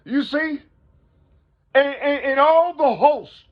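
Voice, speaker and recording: A man's voice: very high-pitched, slow. A man rambles through a spiritual monologue, repeating himself and pressing the listener with questions. The recording is muffled and lo-fi. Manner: rhetorical, repetitive, keeps asking the listener "you see?". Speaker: speaker. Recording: dull lo-fi recording.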